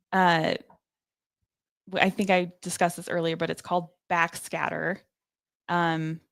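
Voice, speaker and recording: A woman's voice: on the low side, dry recording. Woman reading research notes, dry sound. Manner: reads out research with fillers and hesitations. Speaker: co-host. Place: home studio.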